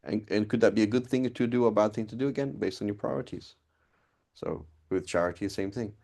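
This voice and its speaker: A man with a low, gravelly voice gives a relaxed classroom lecture on religious law. His tone is dark and mellow, and he keeps checking in with listeners as he explains. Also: a little fast. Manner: explains conversationally with frequent "right?" checks. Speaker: teacher of Islamic law.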